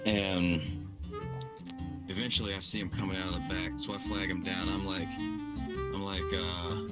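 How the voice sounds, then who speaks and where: Very deep-voiced young man rambling a story. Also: little pitch movement, unhurried. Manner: rambling, laughing at his own story, slangy. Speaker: storyteller in a voice-chat hangout. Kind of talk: casual storytelling. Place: online voice chat at home. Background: music playing.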